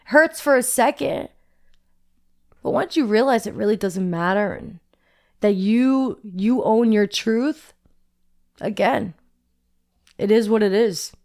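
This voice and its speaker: A woman's voice: mid-range voice, slow pace, pauses often, a little mellow. A young woman vlogger telling a personal story in a candid, chatty way, often saying "like".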